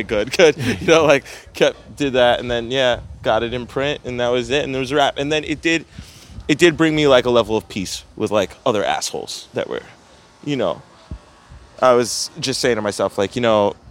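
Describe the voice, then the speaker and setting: A young man, a pizzeria owner telling a story in casual chat, profane and often laughing. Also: on the low side.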